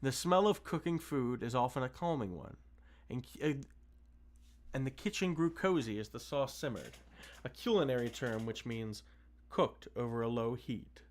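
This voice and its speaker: A man reading a storybook aloud on a stream, steady with occasional restarts. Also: mid-range voice, normal speed. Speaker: streamer reading books to chat. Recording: faint music behind.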